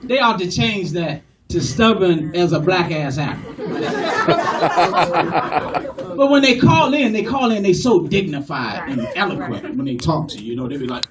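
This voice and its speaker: A male comedian doing a stand-up set and acting out customer phone calls in an animated way. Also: high-pitched, a little slow, long pauses. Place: comedy club stage. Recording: distant live club recording with loud crowd.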